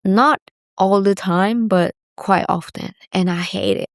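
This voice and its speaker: A young woman rambles candidly on her own podcast, sharing casual confessions and saying "like" constantly. Her mid-range voice moves a little slowly, and the recording is dry and clean, studio-made.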